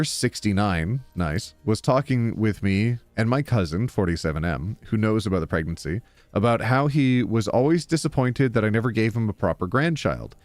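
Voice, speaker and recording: A man live-streaming, reading online posts aloud and chatting with his viewers, reacting to chat with sudden loud jumps. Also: mid-range voice, no room sound.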